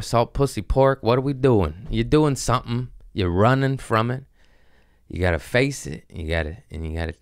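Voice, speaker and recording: A man's voice: low voice, no room sound, studio quality. A male comedian in casual podcast chat, rambling in a profane, earnest way. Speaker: comedian guest.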